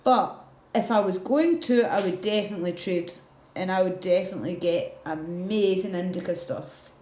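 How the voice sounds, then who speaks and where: A woman's voice: on the low side, moderate pace, warm tone, reverberant, a little hiss or hum. A woman hosting a casual livestream, ranting heatedly with a lot of swearing and reading out viewer comments. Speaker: livestream host.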